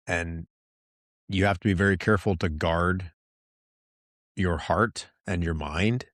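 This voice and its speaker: A man's voice: deep voice, dry recording, studio quality. A middle-aged man hosting a solo podcast, talking candidly and rambling with lots of restarts. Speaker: podcast host.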